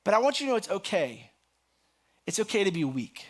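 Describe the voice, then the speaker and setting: A man's voice: high-pitched, a little fast. A middle-aged man preaching a conversational sermon as a pastor, lifting his voice for the scripture he reads. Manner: conversational and animated, rising sharply on scripture. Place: church sanctuary.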